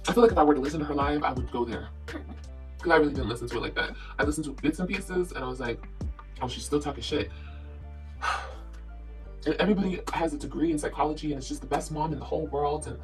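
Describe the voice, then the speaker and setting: A woman's voice: sits low, a little mellow. A woman vlogger ranting at her critics, blunt, confrontational and heavily profane. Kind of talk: ranting live video.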